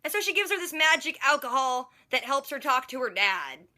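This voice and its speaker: A young woman with a high, very bright and sharp voice recaps a show in a loose, chatty way. She talks in slang and drops quick joking asides as she goes. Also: sing-song. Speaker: vlogger recapping a TV episode. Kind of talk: casual reaction recap.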